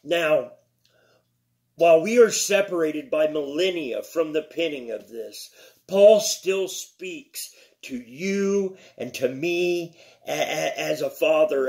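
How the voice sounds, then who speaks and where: Slow, higher-voiced man teaching scripture. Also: darkish tone. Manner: slow, deliberate, with repeated phrases and restarts; reads scripture aloud with emphasis. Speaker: Bible teacher. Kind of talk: devotional Bible teaching.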